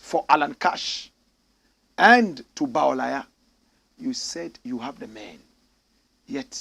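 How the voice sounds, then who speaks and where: A man's voice: mid-range voice, creaky, breathy edge. A middle-aged Ghanaian man hosting a show, reading out viewer comments with impassioned, swinging delivery. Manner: impassioned, swings between loud declarations and sighing asides.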